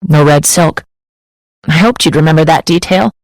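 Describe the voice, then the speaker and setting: Fond young man, tender, softly teasing, gravelly, dry, voiced by a woman narrator. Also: moderate pace, no room sound, low-quality recording. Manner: soft, tender, low-key.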